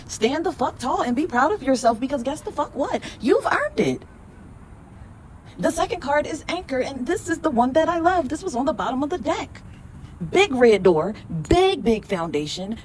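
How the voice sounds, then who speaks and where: A woman hosting a spiritual podcast, reading tarot cards and giving a blunt, emphatic pep talk full of swearing, then repeating affirmations slowly. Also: fairly high pitch, a little mellow, a little hiss or hum.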